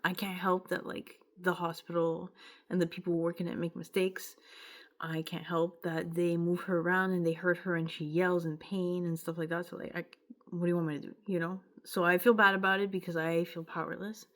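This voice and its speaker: Speaking a little fast in a lowish, level voice, this young Quebec vlogger with a Quebec French accent rambles emotionally through a personal story on a casual vlog, using filler words and cutting herself off.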